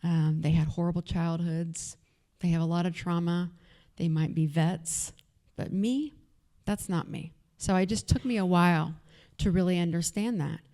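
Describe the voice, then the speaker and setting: A woman's voice: on the low side, fairly even intonation, moderate pace, hardly any pauses, warm tone. A woman with a Texas accent telling her own story to an audience at an event, candid and conversational, with many fillers. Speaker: event speaker. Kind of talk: personal story told to an audience. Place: event venue.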